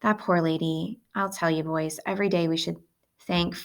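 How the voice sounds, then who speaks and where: A woman's voice: lowish voice, fairly even intonation, normal speed, lightly acted. A woman reading aloud, voicing a stern, devout babysitter who scolds the boys. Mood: scolding.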